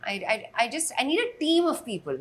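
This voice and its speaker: A woman, an actress, speaking in a candid interview chat, quick and chatty. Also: high-pitched, very animated, a bit bright. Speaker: actress guest. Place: recorded in a café or room.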